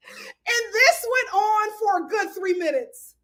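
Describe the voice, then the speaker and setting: Woman with a high voice gossiping about reality tv, lively, acts out the quotes. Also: moderate pace. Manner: animated, acts out quotes, laughs often. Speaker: reality TV commentator. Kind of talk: casual recap chat.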